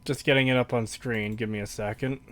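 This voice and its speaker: A man's voice: medium pitch, steady tone, a little fast, fairly bright tone. A man co-hosting a podcast in casual chat, blunt and offhand, swearing freely. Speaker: podcast co-host.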